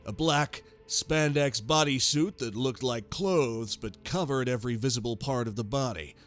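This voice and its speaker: A man's voice: mid-range voice, fairly bright tone, soft background music. A man giving a grave, scripted sci-fi horror narration. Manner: slow, grave storytelling.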